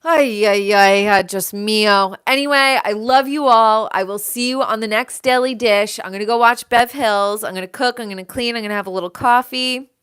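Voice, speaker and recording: A woman's voice: fairly high pitch, steady tone, fairly quick, few pauses, fairly bright tone, clear, resonant tone. A woman hosting her own live show, talking in a rambling, emphatic way full of "like". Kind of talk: casual livestream monologue.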